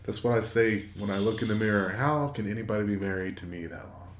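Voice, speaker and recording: A man in his forties, a podcast co-host, telling a casual story in a rambling, halting way with many fillers and restarts. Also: on the low side, steady tone. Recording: echoey room.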